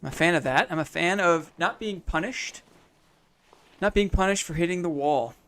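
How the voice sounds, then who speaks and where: A man's voice: a little high, moderate pace, a bit bright. A young man with a small-town Canadian accent, chatting casually while streaming a game, thanking viewers and making playful sound effects. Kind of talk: casual gameplay commentary.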